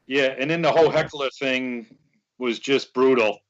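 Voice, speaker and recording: With a medium-pitched voice at a moderate pace, a man chats as a podcast guest, a superfan rambling through a story and acting out quotes. The recording's highs are cut off.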